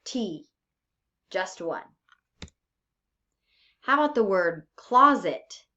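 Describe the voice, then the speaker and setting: A woman's voice: mid-range voice, big pitch swings, very slow, sharp tone. A woman teacher giving a recorded lesson, speaking patiently and drawing out her example words. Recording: dull lo-fi recording.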